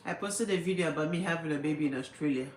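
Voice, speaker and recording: A woman's voice: low-pitched, rapid-fire. A woman with an Angolan accent chatting casually on a livestream, laughing often and mimicking people mockingly. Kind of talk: casual chat. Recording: echoey room, faint background noise.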